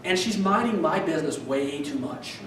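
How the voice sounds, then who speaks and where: A man's voice: a little high, expressive, moderate pace, a bit bright, slight background noise. A man telling stand-up stories in a wry, self-deprecating way, with many fillers and restarts. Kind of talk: stand-up storytelling. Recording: roomy sound from a distance.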